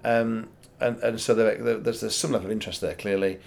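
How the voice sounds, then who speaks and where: A man's voice: fairly low pitch, fairly even intonation, fairly quick, creaky. A man hosting a conversational interview, often restarting and repeating words as he frames his questions. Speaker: podcast host.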